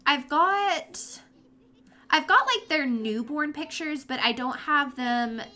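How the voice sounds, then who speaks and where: A woman's voice: high-pitched, animated, slow, bright, forceful tone. A young woman giving casual, chatty commentary while playing a life-simulation game, talking fondly to her characters as she goes. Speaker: let's play host.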